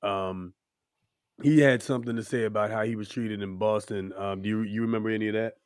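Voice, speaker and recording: A man's voice: lowish voice, steady tone, brisk, clear, resonant tone, dry recording. A young adult man hosting a casual podcast, talking loosely and joking, with mock-scolding asides. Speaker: podcast host. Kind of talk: casual chat.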